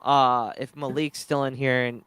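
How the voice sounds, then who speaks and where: A man hosting a podcast, chatting casually and excitedly, with many fillers and restarts. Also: medium pitch, unhurried, clear, resonant tone, no room sound. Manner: excited, retells scenes with filler-heavy restarts. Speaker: podcast host. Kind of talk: casual chat.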